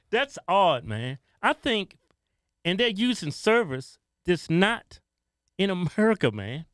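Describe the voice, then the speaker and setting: A middle-aged man co-hosting a casual political commentary show, talking in an excitable, animated way. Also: high voice, takes it slowly, long pauses, dry recording, clean studio sound. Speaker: co-host.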